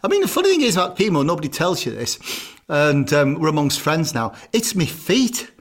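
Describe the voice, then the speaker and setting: A man talks in a blunt, jokey way, swearing casually as he chats on a podcast. His voice sits a little high for a man. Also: sing-song, brisk. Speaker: podcast co-host, chef. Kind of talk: casual chat.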